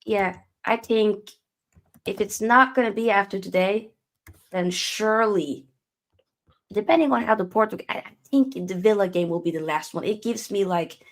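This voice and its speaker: A woman's voice: medium pitch, normal speed. A woman hosting a live football reaction stream, chatting in an upbeat, teasing way with her guests. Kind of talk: live match reaction chat.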